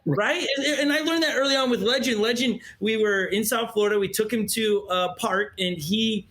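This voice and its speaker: A man with a notably high voice hosts a heartfelt interview. He talks earnestly and tells stories, often restarting his sentences as he searches for the right words. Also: normal speed, fairly bright tone. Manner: earnest storyteller, stumbles and restarts as he feels his way. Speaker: interview host.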